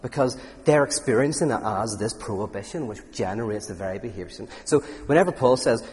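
A man with a thick Irish accent gives a lecture and takes audience questions. He talks in an animated, digressive way and laughs at himself. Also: on the low side, a little fast, long reverb tail.

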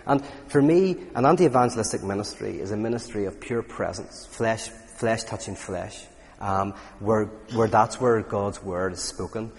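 A man with a thick Irish accent gives a lecture and takes audience questions. He talks in an animated, digressive way and laughs at himself. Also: on the low side, moderate pace, few pauses, long reverb tail.

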